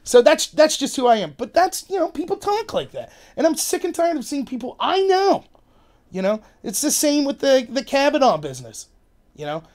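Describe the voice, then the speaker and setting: A man hosting a podcast, delivering an animated, rambling opinion monologue and acting out quotes in other voices. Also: extremely high pitch, moderate pace. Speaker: podcast host.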